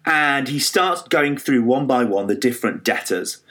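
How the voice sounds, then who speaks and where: A man preaching a sermon, retelling a parable with lively storytelling, frequent fillers and restarts. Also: mid-range voice, normal speed. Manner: animated storytelling with many fillers and restarts, acting out quoted voices.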